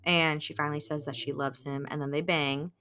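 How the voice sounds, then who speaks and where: Animated woman recapping a book. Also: low-pitched, a little fast. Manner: animated retelling, acting out quotes, frequent laughs. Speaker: podcast host. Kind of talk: casual book-recap chat.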